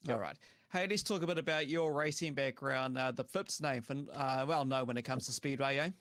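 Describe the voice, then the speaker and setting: A man's voice: mid-range voice, fairly quick, a bit bright, dry recording, studio quality. A man hosting a casual chat, matey and upbeat. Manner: matey and upbeat, says "mate" and "bro". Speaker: podcast host.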